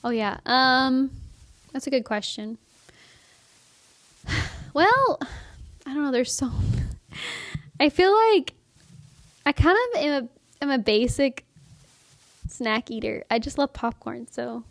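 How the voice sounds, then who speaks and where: A woman's voice: sits high, expressive, slow pace, pauses often, dry recording. A young woman co-hosting a faith podcast, chatting casually in a bubbly, giggly, rambling way. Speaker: podcast co-host. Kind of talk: casual chat.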